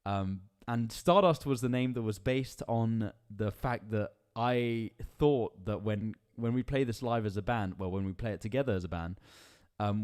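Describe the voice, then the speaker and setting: A man's voice: fairly low pitch, darkish tone, clear, resonant tone. A male band singer hosting a casual live stream, reading viewer comments aloud in a chatty, upbeat way and laughing often.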